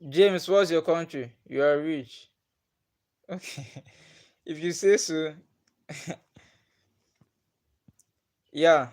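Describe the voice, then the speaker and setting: This livestream host is a young man with a Nigerian accent who chats casually with viewers, reading out their names. His slightly high voice is a little mellow, his pace unhurried and stretched out, and laughter often fills the gaps between questions.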